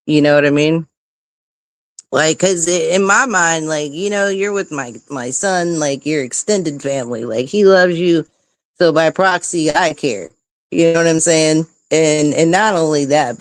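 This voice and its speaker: A middle-aged woman casually telling a story to her stream viewers in a profane, animated way, often checking in with "right?". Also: low-pitched, measured pace, dry recording. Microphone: close streaming mic.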